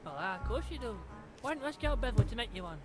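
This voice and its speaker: A man's voice: very high voice, sing-song, rapid-fire, over loud music. An actor playing a cheeky, teasing village man in a game.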